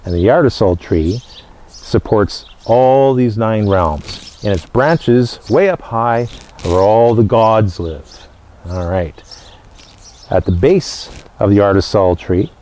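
A man presenting living history, teaching in a casual educational talk and explaining steadily in short, paused phrases. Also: fairly low pitch, dark tone.

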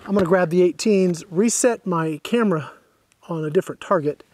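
A man with a slightly raised, breathy voice hosts an outdoor review, a little winded. He talks through each step in a relaxed, casual way. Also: sits high, a little fast, no room sound. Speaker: airgun reviewer.

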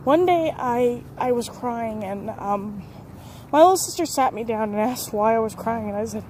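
A woman's voice: fairly high pitch, animated, moderate pace, a little mellow, a little hiss or hum. Candid woman telling a personal story. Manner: candid, rambling, laughs often, self-correcting. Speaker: vlogger.

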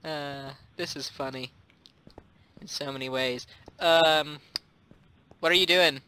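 A man with a fairly high, steady voice and a sharp tone talks slowly as he plays a game. There's a little hiss or hum. He's a giggly, playful gameplay commentator, chatting casually and laughing often.

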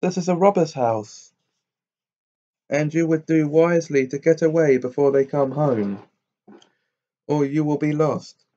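A man's voice: fairly high pitch, unhurried, long pauses, mellow, lo-fi sound, pitched above the performer's own voice, natural voice. A man reading a fairy tale aloud, voicing a frightened old woman who keeps a robbers' house, with an urgent warning tone.

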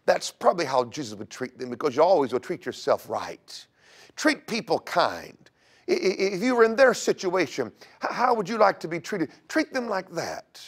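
A man guest-hosting a Christian broadcast, telling a church history story like a sermon, swinging between loud emphatic bursts and hushed near-whispers. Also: fairly high pitch, very animated, moderate pace. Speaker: guest host. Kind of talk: preaching history talk.

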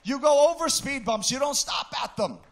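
A man preaching a sermon in an impassioned way, bursting into shouts and sing-song phrases. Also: very high-pitched, animated, normal speed.

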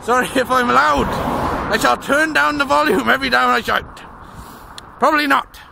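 A young man with a very high, bright voice full of gravelly fry, rambling loudly and jokily while he walks. He talks slowly and shouts now and then, with faint wind and traffic behind him. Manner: loud, silly, jokey, shouts at the wind and cars. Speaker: gaming vlogger. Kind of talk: rambling outdoor vlog. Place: outdoors walking along a busy road. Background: wind and passing traffic.

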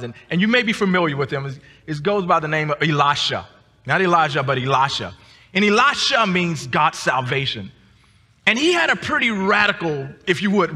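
A man preaching a sermon as a guest speaker, often repeating words and rising to emphatic shouts. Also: a little high. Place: church sanctuary. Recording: long church reverb.

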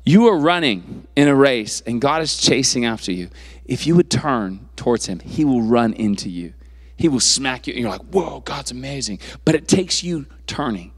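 A man's voice: mid-range voice, animated, normal speed, big-room sound. A young man preaching to a youth group in a casual, conversational way, full of fillers and restarts. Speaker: youth pastor. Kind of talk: youth sermon.

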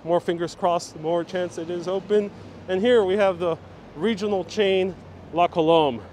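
A man leads a live walking tour in a fairly high voice, chatty and joking as he answers the live chat. He talks into a phone on a gimbal. Faint city noise and passing traffic sit behind him. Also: fairly even intonation, moderate pace, darkish tone. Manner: jokey, chatty, reacting to viewer comments. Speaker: host. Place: outdoors and in a busy city station. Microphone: handheld phone on gimbal.

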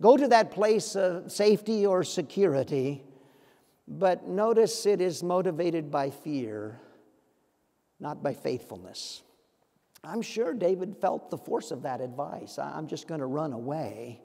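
High-voiced preacher in a reverberant church. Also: male voice, expressive, a little slow, mellow. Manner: earnest, with pointed rhetorical questions. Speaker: pastor. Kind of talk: sermon. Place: church sanctuary.

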